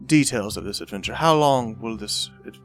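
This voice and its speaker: A man's voice: mid-range voice, moderate pace, lightly acted. A man voicing a tough, blunt woman mercenary who haggles over coin, over faint music. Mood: haggling.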